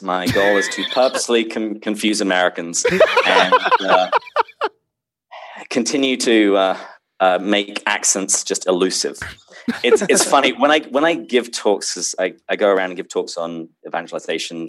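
A man, speaking as a podcast guest in casual interview chat, articulate and quick to laugh. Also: sits low, fairly bright tone, low-quality recording.

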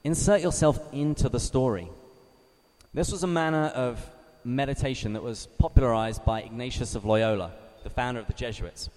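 A man from England, giving a measured teaching talk to a live group, reading scripture slowly and asking his listeners questions. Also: medium pitch, a little mellow. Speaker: Bible study speaker. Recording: reverberant hall.

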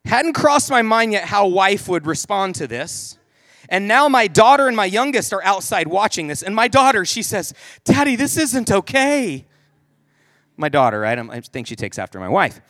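A man tells a funny family story in a loose, self-mocking, chatty way. His voice sits high for a man and sounds close and dry, with no room around it. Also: sing-song, normal speed, a bit bright, no echo. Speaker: speaker telling a family story to an audience. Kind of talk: humorous storytelling talk.

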